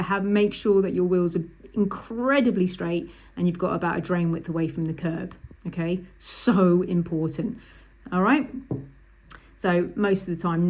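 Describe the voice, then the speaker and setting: A woman's voice: on the low side, darkish tone. A woman, a driving instructor talking through a lesson over drawings, chatty and emphatic, repeating the key points.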